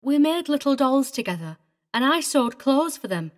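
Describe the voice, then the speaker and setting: A woman's voice: high voice, sing-song, normal speed. A woman voicing a prim, tearful older female governess who speaks with fussy, indignant precision. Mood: earnest. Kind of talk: audiobook character reading.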